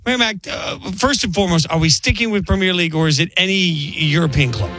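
A man co-hosting a sports radio show, talking casually with rambling, halting starts and jokes. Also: sits high, bright, forceful tone, no room sound, soft background music. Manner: rambling, hesitant, joking. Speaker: radio co-host. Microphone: studio mic.

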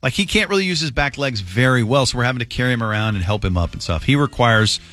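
A man hosting a radio talk show, telling a lively story and raising his voice for the quoted lines. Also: quick pace. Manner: animated storyteller, shouts quoted lines in a high voice.

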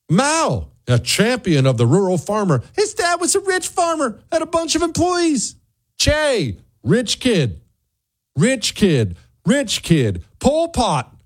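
Animated, sarcastic male talk host. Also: very high-pitched. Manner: sarcastic, mocking, ranting; wanders off on asides. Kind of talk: opinionated commentary monologue.

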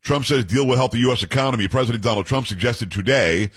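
A man's voice: mid-range voice, fast, fairly bright tone, slightly rough. A man hosting a talk radio show, reading news aloud and adding blunt opinions and banter. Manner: opinionated, banters with co-hosts between news passages.

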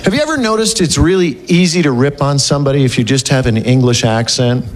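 A man doing a stand-up comedy set, animated and mocking, slipping into silly impressions. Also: mid-range voice, fast.

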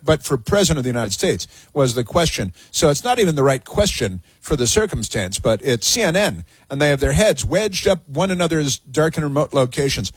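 A man's voice: medium pitch, husky, no echo. A man hosting a talk radio show, delivering a sarcastic, mocking monologue that rambles with many fillers and restarts.

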